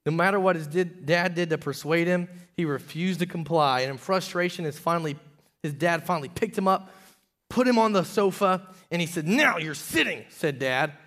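A pastor in his thirties preaches with a fairly high voice for a man, telling stories from his own life. He climbs to loud, emphatic peaks, then drops to a hushed, confessional tone. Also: normal speed. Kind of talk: sermon.

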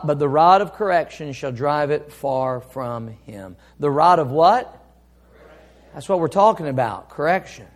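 A man preaching a sermon as pastor, emphatic, swinging up and down for effect and reading scripture slowly. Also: sits high.

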